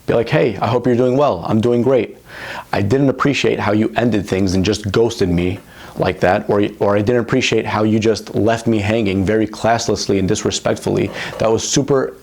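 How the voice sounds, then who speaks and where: A man's voice: on the low side, vocal fry, a little mellow. A young adult man giving blunt, profane dating advice straight to the camera as a coach, with heavy emphasis. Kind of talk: direct-to-camera advice monologue.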